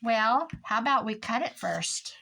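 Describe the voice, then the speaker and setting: A woman's voice: a little high, animated, measured pace, creaky, sharp tone, low-quality recording. An older woman from Iowa, chatting casually in a rambling, storytelling way while she works on a craft project. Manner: rambling, chatty, trails off into stories. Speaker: crafting vlogger.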